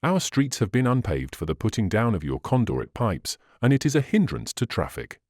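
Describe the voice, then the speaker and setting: A man's voice: lowish voice, sing-song, normal speed, darkish tone, no room sound, clean studio sound. A man reading the part of a pompous, impatient middle-aged burgomaster in an audiobook, speaking emphatically and indignantly.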